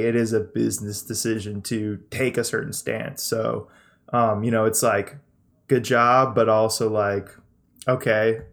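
A man co-hosting a casual podcast, talking in halting, filler-heavy sentences. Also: mid-range voice. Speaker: podcast co-host.

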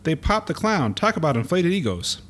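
A man's voice: on the high side, big pitch swings, normal speed, fairly bright tone, slight background noise, voice pushed up. A man voicing a cocky cartoon male mascot who cracks punny one-liners while reading a comic aloud. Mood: wisecracking.

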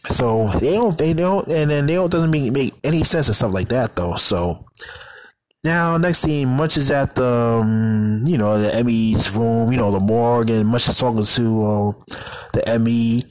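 A man's voice: medium pitch, unhurried, a little mellow, no room sound, low-quality recording. A man casually recapping a TV episode in a rambling, filler-heavy way, often tacking on "though". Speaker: show recapper.

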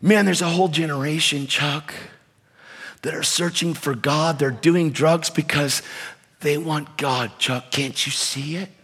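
A man voicing a gentle young male hippie preacher who pleads softly and earnestly. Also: on the high side, fairly even intonation, measured pace, husky, exaggerated voice. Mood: pleading. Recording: reverberant hall.

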